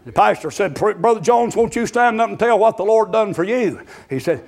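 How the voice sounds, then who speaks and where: A man preaching a sermon, shouting and chanting with folksy stories, short of breath. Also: high-pitched, animated, a little fast.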